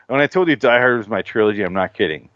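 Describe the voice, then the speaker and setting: Profane, animated podcast host, low voice. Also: male voice, fast, no echo. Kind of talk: casual chat. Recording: dull lo-fi podcast audio.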